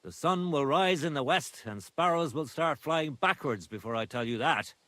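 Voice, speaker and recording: An actor playing a proud, stubborn village brewer in game dialogue, gruff and boastful as he flatly refuses to share his secret recipe. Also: on the high side, moderate pace, no room sound.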